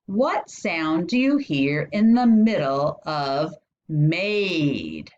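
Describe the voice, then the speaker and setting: A woman teaching a phonics lesson, sounding out each vowel slowly and lifting her voice on questions. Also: big pitch swings, a little mellow. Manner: stretches out and sounds out each vowel, asks questions with rising pitch. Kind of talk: slow instructional phonics lesson. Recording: dull lo-fi sound.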